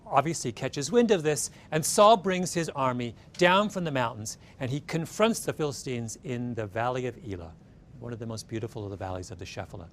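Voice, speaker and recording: A man giving a storytelling lecture, animated and often checking in with the audience with a quick "right?". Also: medium pitch, slight background noise. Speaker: speaker giving a talk.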